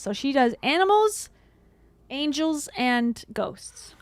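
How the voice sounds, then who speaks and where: A woman hosts a comedic commentary show with a slightly high voice. She reacts to clips with teasing, sarcastic asides and mock-serious commentary. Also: lively intonation, a little slow, long pauses, no room sound. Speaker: commentary host.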